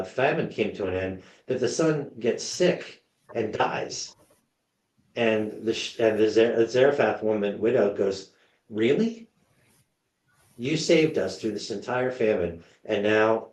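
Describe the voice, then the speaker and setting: A man's voice: on the low side, a little mellow, echoey room, low-quality recording. A man leading a Lenten Bible study in a church, conversational and storytelling, checking in with the group. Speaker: church teacher. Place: church meeting room.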